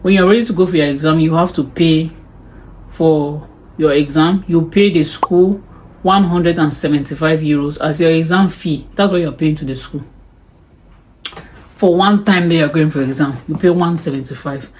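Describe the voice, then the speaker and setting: Speaking at a normal speed in a deep, darkish voice, a woman breaks down her spending casually for the camera. She's chatty, with exclamations and sighs about the costs, and there's slight background noise.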